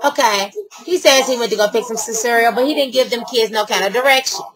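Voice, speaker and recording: A woman's voice: fairly high pitch, a little fast, rough recording. An older woman telling a story casually and sassily to camera, acting out what others said. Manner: animated, sassy, acts out quotes. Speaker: vlogger.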